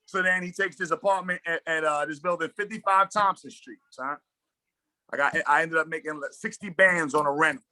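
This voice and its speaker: A Brooklyn man from New York, guesting as a basketball coach, tells stories in a casual interview. His voice is bright, animated, a little high and brisk, with no room sound, and he uses slang while acting out dialogue.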